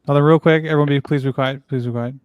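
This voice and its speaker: A man with a smooth, clear voice co-hosts a casual live stream. He talks in a laid-back, slangy way, recorded dry and close. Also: on the high side, fairly even intonation, fast, no echo, narrow, tinny audio. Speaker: co-host.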